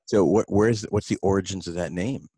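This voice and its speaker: Deep-voiced joking male co-host. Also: brisk, dark tone, husky, dry recording. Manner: joking, laughs often. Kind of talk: casual podcast chat. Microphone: video call.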